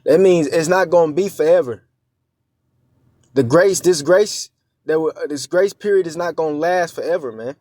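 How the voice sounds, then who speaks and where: Man, preacher, informal scripture teaching, slightly high voice, dry close sound, halting with fillers. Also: darkish tone, dry recording. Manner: conversational, checks in with frequent "all right?" and "man"; halting, with many fillers and restarts.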